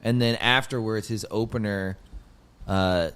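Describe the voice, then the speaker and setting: Rambling low-voiced young man telling a story. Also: unhurried, clear, resonant tone. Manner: rambling, heavy on "like" and swearing, gets loud and high when excited. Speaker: podcast host, comedian. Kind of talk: casual storytelling chat.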